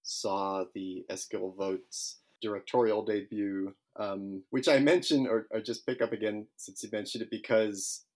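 A man hosting a film podcast, chatting casually with halting, restarting speech. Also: on the low side, steady tone, darkish tone. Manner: halting, frequent restarts and hesitations. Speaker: podcast host.

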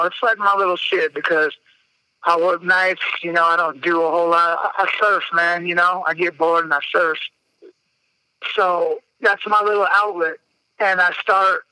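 Candid bright-voiced man. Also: a little high, clear, resonant tone, dry recording, low-quality recording. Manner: candid, emotional, swears freely. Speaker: podcast guest. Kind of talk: casual storytelling.

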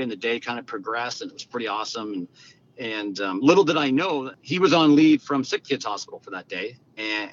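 A man, a guest telling stories in an animated, conversational way and acting out the quoted lines. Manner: animated, acts out quoted dialogue. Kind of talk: conversational storytelling. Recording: dull lo-fi sound with faint rumble.

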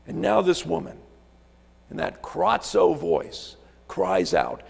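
A man's voice: deep voice, wildly swooping pitch, unhurried, creaky, a little mellow, slightly rough, long reverb tail. A man preaching a sermon as a visiting pastor from Alaska, telling stories, repeating words and asking rhetorical questions in a church sanctuary.

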